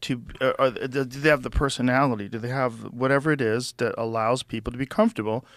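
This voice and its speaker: A man's voice: mid-range voice, steady tone, fast, a bit bright, no room sound. Male podcast host, laid-back, emphatic delivery, dry studio sound. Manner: emphatic, repeats words, swears casually. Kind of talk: casual conversation.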